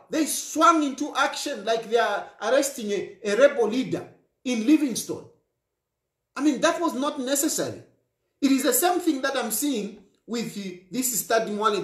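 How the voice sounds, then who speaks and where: A man's voice: very high-pitched, roomy sound. A man from Zambia, speaking to camera in emphatic political commentary, repeating himself and firing rhetorical questions.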